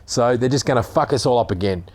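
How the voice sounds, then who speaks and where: A man's voice: mid-range voice, animated, quick pace. An Australian man ranting sarcastically as a vlogger, reading out a news article and swearing as he gets heated.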